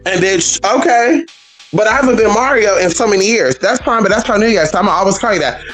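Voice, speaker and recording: In this low-quality recording with faint background music, a woman with a mid-range, very animated voice talks a little fast. She's a vlogger delivering a sassy, blunt, profane monologue of casual opinions, calling listeners "honey" and "girl" and firing back at imagined critics.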